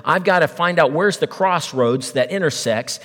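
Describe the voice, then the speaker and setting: A man voicing a clever young woman who plans quickly aloud. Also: on the high side, fairly bright tone, big-room sound, lightly acted. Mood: scheming.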